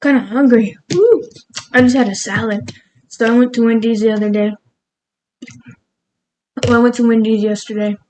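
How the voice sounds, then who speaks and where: A woman's voice: a little high, normal speed, long pauses, dark tone, slight background noise, poor audio. A woman cooking in her home kitchen, rambling casually and laughing at herself as she talks through her recipe. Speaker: cooking vlogger. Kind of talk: casual cooking vlog chat.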